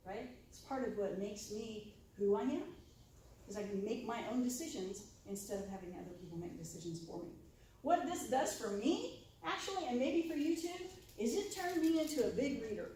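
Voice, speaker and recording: A woman's voice: mid-range voice, darkish tone, recorded from a distance, slight background noise. Chatty woman in an echoey room. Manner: chatty, asks "right?" often, acts out quoted reactions. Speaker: lunchtime discussion presenter. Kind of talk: informal talk to a live audience. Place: university room with audience.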